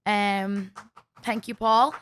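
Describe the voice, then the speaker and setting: A woman's voice: mid-range voice, flat delivery, extremely slow, a bit bright, slight background noise. A young woman with an Irish accent, hosting a podcast and telling stories in a casual, chatty way. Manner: chatty storytelling with lots of fillers and swearing. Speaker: podcast host. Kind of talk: casual chat.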